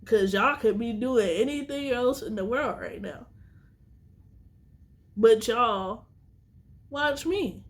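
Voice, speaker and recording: A woman's voice: on the high side, takes it slowly, pauses often. A woman vlogger talking straight to her viewers in a casual monologue, earnest and teary, repeating herself for emphasis.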